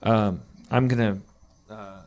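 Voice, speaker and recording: A man's voice: fairly low pitch, fairly even intonation, slow pace, darkish tone. A man playing a tabletop game, hesitant and mumbling. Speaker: player.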